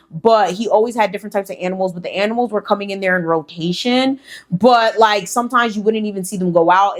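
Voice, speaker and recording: A woman telling a spooky story in casual chat, sassy and profane, with lots of filler words. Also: medium pitch. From Haitian heritage. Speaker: storyteller host.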